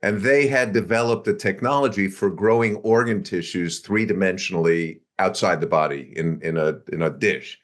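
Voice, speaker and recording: An older man in his sixties tells a story from his career as an interview guest, with a voice that sits a little low. He acts out what people said along the way and slips in small laughs. He keeps the telling easy and conversational. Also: normal speed, hardly any pauses. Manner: animated anecdote-telling with acted-out quotes and chuckles. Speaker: interview guest, biotech executive.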